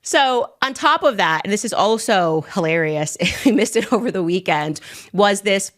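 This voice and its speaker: A woman's voice: medium pitch, expressive, normal speed. A woman hosting a commentary podcast, talking casually and sarcastically with lots of filler words. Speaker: podcast host. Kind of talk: political commentary.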